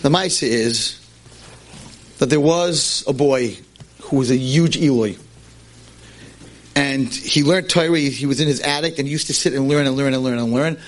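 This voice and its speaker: A man teaching a class, telling a tale in an animated, emphatic way. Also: medium pitch, moderate pace, pauses often. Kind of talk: storytelling lecture.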